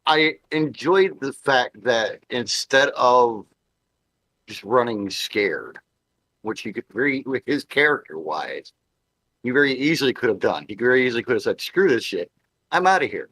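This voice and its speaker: A man's voice: mid-range voice, lively intonation, measured pace, fairly bright tone, dry recording. A man co-hosting a podcast, chatting about a TV show, stammering at the start of sentences and acting out the lines he quotes. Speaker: podcast co-host. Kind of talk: casual chat about a show.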